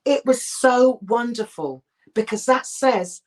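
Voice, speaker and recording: A middle-aged woman, an actress, talking candidly in an interview, emphatic and animated, with frequent restarts. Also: fairly high pitch, takes it slowly.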